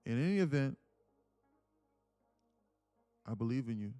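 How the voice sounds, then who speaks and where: With a medium-pitched, expressive, darkish voice, a young man runs a live trading stream at a moderate pace, leaving long pauses. His casual motivational talk is earnest and repetitive; he reads chat aloud and calls people "man" and "bro". Faint music plays behind him, with no room sound.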